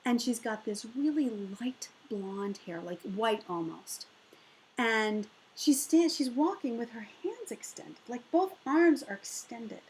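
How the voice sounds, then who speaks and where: Middle-aged woman speaker, lively storyteller who jumps up in pitch for quoted voices. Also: slow, slight background noise, poor audio. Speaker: motivational speaker. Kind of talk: personal storytelling talk.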